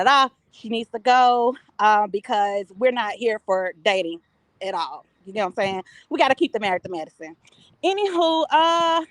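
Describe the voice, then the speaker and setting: A woman calls in to a live show with her opinions. Her voice is fairly high, and she talks bluntly and loosely, with plenty of ums. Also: slight background noise, poor audio. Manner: blunt, chatty, lots of fillers. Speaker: caller. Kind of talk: casual call-in opinions.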